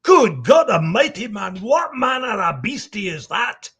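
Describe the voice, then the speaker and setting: Old Scottish codger with a Scottish accent, put on by a man, gruff and blustery, pitched high and lively. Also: measured pace, full character voice. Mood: exclaiming.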